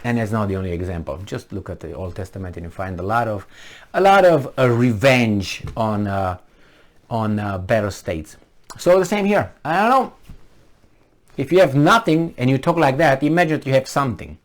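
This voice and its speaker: A man's voice: medium pitch, animated, moderate pace. A man hosting a solo commentary vlog, talking emphatically with rhetorical questions and frequent restarts. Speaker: channel host.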